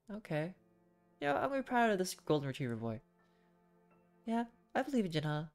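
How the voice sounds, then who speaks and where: An expressive woman reading a romance comic aloud on stream, her voice rising and falling a lot. She speaks in a fairly low register and breaks off for chatty asides. Faint music plays behind her. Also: a little fast, long pauses. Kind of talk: casual dramatic reading.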